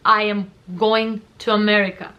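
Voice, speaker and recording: A woman's voice: mid-range voice, flat delivery, normal speed, muffled recording. A young woman from Russia, telling her personal story in a heartfelt, emotional way on a vlog. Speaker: vlogger.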